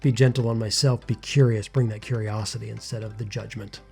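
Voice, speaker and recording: A man with a mellow, warm tone speaks in a reflective, searching way, often restarting his sentences as he works out what he means. He sounds like a podcast co-host talking candidly with his partner. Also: fairly low pitch, steady tone, vocal fry, faint music behind. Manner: searching, halting, full of restarts.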